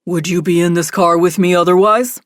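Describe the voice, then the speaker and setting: A woman voicing a calm, menacing man with a gun, speaking in an even, controlled tone. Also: on the low side, brisk, no room sound, natural voice. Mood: cold, calm.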